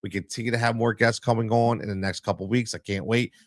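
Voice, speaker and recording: A man's voice: lowish voice, fairly even intonation, fast, no room sound, studio quality. A man hosting a solo sports podcast as a coach, talking emphatically and repeating his points for stress.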